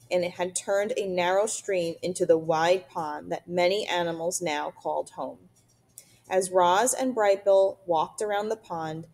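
A woman reading a children's novel aloud, narrating steadily and clearly. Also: lowish voice, mellow. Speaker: reader.

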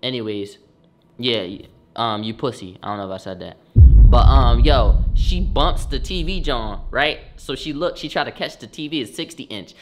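A young man, a streamer, telling a story in a slangy, profane, animated way, getting loud on the punchlines. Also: medium pitch, moderate pace, a little hiss or hum. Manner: swears often, slangy, bursts loud on punchlines.

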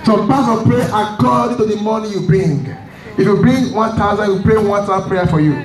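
A man's voice: high voice, brisk, echoey room, distant mic, rough recording. A man preaching a sermon, telling a story with emphatic repeated phrases.

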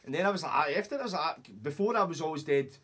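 A man's voice: fairly high pitch, big pitch swings, very fast, fairly bright tone, slightly rough. A Scottish man hosting a podcast, telling rambling, sweary anecdotes in casual chat and acting out what people said. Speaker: podcast host.

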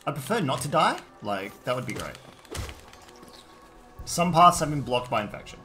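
Excitable Australian man streaming a game. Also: moderate pace, faint music behind. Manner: excitable, reads chat aloud, jumps to high yelps. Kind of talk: live gameplay stream, chatting with chat.

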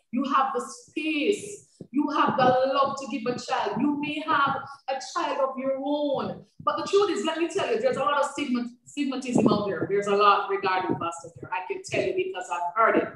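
A woman's voice: high voice, moderate pace, a bit bright. A woman, a foster care director and foster mother, speaking with passion and faith on a webinar video call. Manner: passionate, repetitive, faith-filled. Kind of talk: heartfelt testimony on a webinar. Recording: echoey, distant from mic, noisy.

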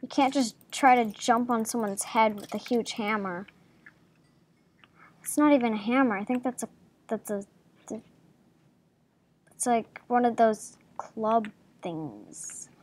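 A woman casually commenting on her own gameplay, talking to herself with jumpy reactions and soft murmured asides. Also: on the high side, slow pace, pauses often. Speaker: gaming video creator.

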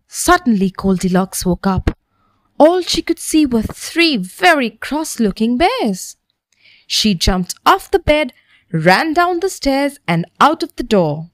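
A woman narrating a bedtime story for children in a gentle, expressive manner. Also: a little high, takes it slowly, no echo.

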